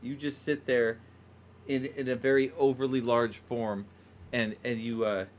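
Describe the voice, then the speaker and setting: A man's voice: medium pitch, flat delivery, unhurried, slight background noise. A man hosting a podcast, teasing his co-host and swearing freely as he chats and reads out news stories. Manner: profane, teasing. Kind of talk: casual banter.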